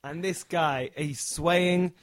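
A man telling a funny story in a casual chat, animated and acting out the people in it. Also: a little high, slow, no room sound. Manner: animated, acts out the characters.

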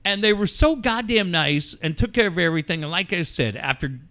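A man's voice: high voice, animated, fairly quick, pushed and bright. A middle-aged man hosting a radio show, telling a story casually and acting out phone calls in quoted voices.

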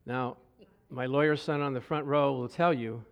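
A man's voice: mid-range voice, fairly even intonation, normal speed, lo-fi sound. A middle-aged man preaching a sermon, telling stories with stammered repeats and bursts of laughter. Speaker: pastor. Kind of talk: sermon with storytelling.

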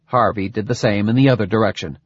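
Man reading a story, husky voice. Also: on the low side, fast talker, no echo. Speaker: audiobook reader. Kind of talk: scripted narration. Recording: dull dry lo-fi recording.

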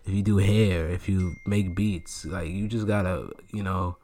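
Laid-back young New York man, lowish voice. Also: steady tone, unhurried, dark tone. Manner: laid-back, slangy, laughs easily. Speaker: music producer guest. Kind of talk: casual podcast chat.

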